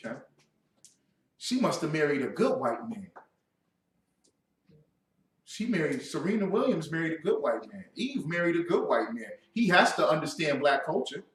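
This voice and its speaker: A man giving a class lecture in an animated, mocking, confrontational way, with loud outbursts. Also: a little high, normal speed, pauses often. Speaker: class instructor. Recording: echoey room, mic far off.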